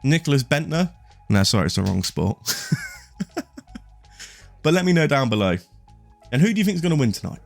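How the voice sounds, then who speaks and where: A man's voice: fairly high pitch, very animated, fast, gravelly, faint music behind. A man in his late twenties giving opinionated, casual sports commentary to his viewers. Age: late 20s. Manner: opinionated, talks straight to the viewer.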